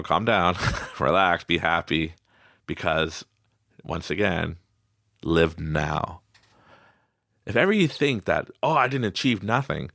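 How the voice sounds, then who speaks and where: A man hosting a podcast, giving a casual motivational talk in a small studio, laughing often and acting out quotes in animated voices. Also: lowish voice, no echo. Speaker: podcast host.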